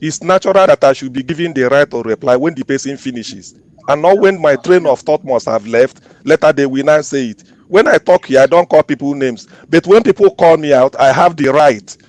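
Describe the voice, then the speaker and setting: Indignant man, high voice. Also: fairly quick, a little mellow. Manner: indignant, repeats phrases insistently. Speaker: discussion participant. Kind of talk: online group discussion.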